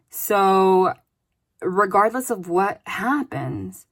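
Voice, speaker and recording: A woman's voice: medium pitch, lively intonation, takes it slowly. A woman giving a casual spoken tarot reading, chatty and loose, often adding "like" and "okay?". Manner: chatty, with many "like" and "okay?" tags. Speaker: tarot reader.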